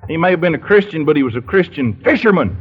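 Lively, high-voiced preacher telling a story. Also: male voice, quick pace, a little hiss or hum. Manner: dramatic retelling with questions to the congregation. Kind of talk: storytelling sermon. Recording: dull lo-fi recording.

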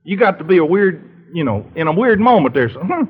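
A man's voice: high-pitched, sing-song, brisk, a little hiss or hum. A male preacher retelling a story dramatically in a sermon and putting questions to his congregation. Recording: dull lo-fi recording.

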